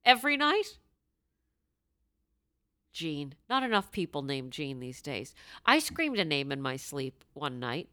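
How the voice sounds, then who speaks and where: A woman co-hosting a chatty podcast, animated and laughing, who breaks into loud shouted voices. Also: sits low, no echo, clean studio sound. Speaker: podcast co-host. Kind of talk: casual chat.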